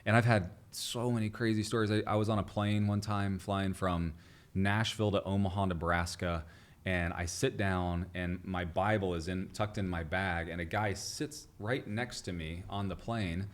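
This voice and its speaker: Deep-voiced man telling lively stories. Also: normal speed. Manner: animated storyteller, acts out quoted people. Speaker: guest entrepreneur. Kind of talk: storytelling interview chat.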